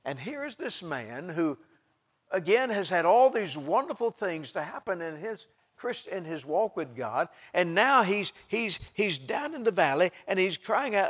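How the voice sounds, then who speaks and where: A middle-aged man preaching a sermon, impassioned, swinging from loud outbursts to hushed asides. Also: sits high, big pitch swings, a little slow, husky.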